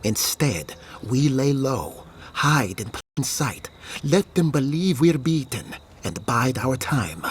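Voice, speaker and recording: An earnest emotional game leader. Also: male voice, medium pitch, very animated, slow, slight background noise. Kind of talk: video game voice acting.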